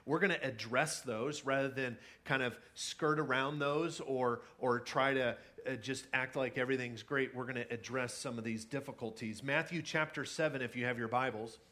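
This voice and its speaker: A man's voice: mid-range voice, fairly even intonation, moderate pace, hardly any pauses, bright, forceful tone. A young adult man, a pastor, preaching a conversational sermon with many fillers and restarts. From California.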